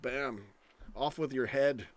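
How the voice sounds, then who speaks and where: A man's voice: medium pitch, slow. A man hosting a live stream, ranting angrily with lots of swearing and rambling stories. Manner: angry, profane, rambling rant.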